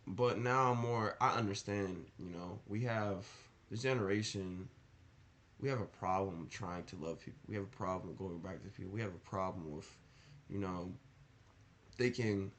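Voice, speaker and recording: A man's voice: sits low, moderate pace, fairly bright tone. A young man giving casual motivational advice in a rambling, earnest way, often asking rhetorical questions. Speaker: motivational vlogger.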